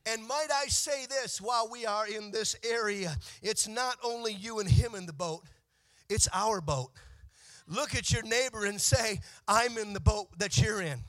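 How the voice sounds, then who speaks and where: Male preacher, high bright voice, swings between soft reading and shouted sing-song exhortation. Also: a little slow. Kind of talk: sermon.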